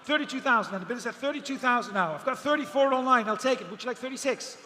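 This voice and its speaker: A man's voice: extremely high pitch, pushed and bright. A man calling bids as an auctioneer, rattling off figures over and over with the odd joking aside. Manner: rapid repetitive bid calling, joking asides. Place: outdoor auction event. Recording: long reverb, faint background noise.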